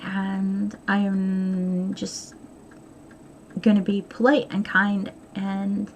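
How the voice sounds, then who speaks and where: A middle-aged woman talks straight to her viewers, candid and rambling, often turning the joke on herself. Her voice sits at an ordinary middle pitch, with a faint hiss of noise under it. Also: level tone, very slow. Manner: candid, rambling, self-deprecating. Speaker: vlogger. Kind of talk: casual chat. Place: home sewing room.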